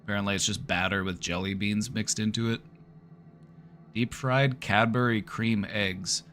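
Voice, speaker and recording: A man's voice: fairly low pitch, fairly even intonation, normal speed, bright, forceful tone. A man streaming live, giving casual joking commentary with wry running reactions. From United States.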